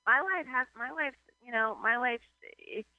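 A woman's voice: sits high, normal speed, no echo, narrow, tinny audio. A woman hosting a casual radio chat, rambling with lots of "like" and acting out little scenes. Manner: rambling, heavy "like", acts out voices. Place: San Francisco.

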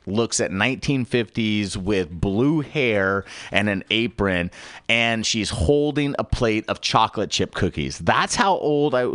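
A man hosting a radio comedy show, delivering a mock infomercial rant with a salesman-like pitch and big swooping emphasis. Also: a bit bright, no echo, studio quality. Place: radio studio.

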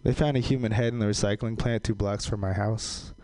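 A man doing a stand-up comedy set, delivering deadpan one-liners with sudden jumps into a loud, high voice. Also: fairly quick, no room sound. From Caribbean islands heritage.

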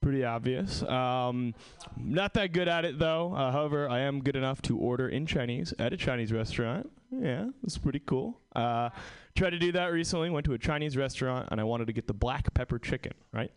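A man's voice: mid-range voice, lively intonation, a little fast, clean tone. A man doing an open mic stand-up set, self-deprecating and rambling with fillers. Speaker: stand-up comedian.

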